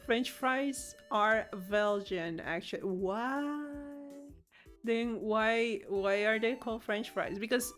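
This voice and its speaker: A woman's voice: a little high, takes it slowly, a bit bright, faint music behind. A woman streamer, chatting casually and playfully, reading chat aloud and giggling often. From Latin America. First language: Spanish.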